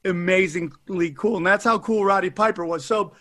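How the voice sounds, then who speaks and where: A man with a high, bright voice hosts a podcast in loose, profane chat. He tells stories loudly and with a lot of animation. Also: normal speed. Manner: loud, profane, animated storytelling. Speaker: podcast host. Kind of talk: casual podcast chat and host-read ad.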